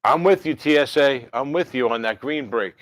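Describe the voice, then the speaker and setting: A man in his 50s from New Jersey hosts a livestream, answering viewer comments in a medium-pitched, slightly bright voice at a moderate pace. The close mic is dry with no room sound, and he rambles chattily with many fillers and self-corrections.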